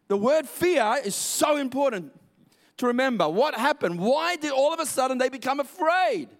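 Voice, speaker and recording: A man preaching a sermon in an emphatic, repetitive way, drawing out key words. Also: very high voice.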